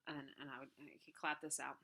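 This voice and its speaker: A woman's voice: low-pitched, little pitch movement, fast talker, creaky, pushed and bright, a little hiss or hum. A woman teacher patiently explaining a worksheet step by step, with frequent checks like "okay". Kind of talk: recorded classroom lesson walkthrough.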